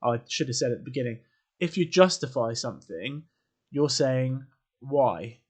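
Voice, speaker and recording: A man's voice: mid-range voice, animated, moderate pace, husky. A man teaching an English writing lesson to camera, informal and chatty, quizzing the viewer and adding asides. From England. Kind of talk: classroom lesson video.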